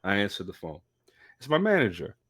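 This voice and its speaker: A young man co-hosting a podcast, telling a story in a casual, animated way. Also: fairly quick, slightly rough. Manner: animated storyteller, acts out quotes in a high voice. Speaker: podcast co-host.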